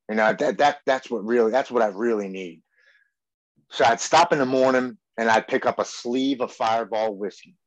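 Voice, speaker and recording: A man's voice: medium pitch, normal speed, dry recording. A man in his forties, a podcast guest, earnestly telling his personal recovery story and acting out the things he and others said. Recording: dull, muffled podcast audio.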